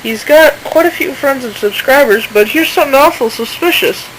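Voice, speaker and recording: A woman's voice: high-pitched, normal speed, a little hiss or hum, poor audio. A woman in casual screen-recording commentary who talks informally and indignantly and reads messages aloud. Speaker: channel owner exposing a seller.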